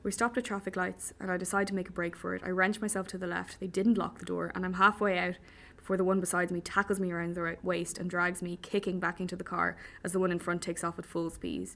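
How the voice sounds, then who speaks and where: Woman reading a story out loud, wry and dry, bit of vocal fry. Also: on the low side, level tone, quick pace. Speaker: audiobook narrator. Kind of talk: first-person story narration.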